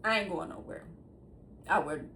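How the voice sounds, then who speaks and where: A woman's voice: on the low side, moderate pace. A woman in her sixties hosting her own show, talking straight to viewers in a casual monologue and laughing often between sentences. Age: 60s. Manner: talks straight to viewers, animated and emphatic. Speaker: host.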